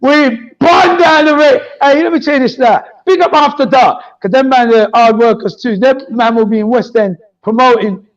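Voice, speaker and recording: High-pitched man telling stories. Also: moderate pace, hardly any pauses, muffled recording. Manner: lively storytelling, frequent laughter. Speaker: DJ guest. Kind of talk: casual podcast chat.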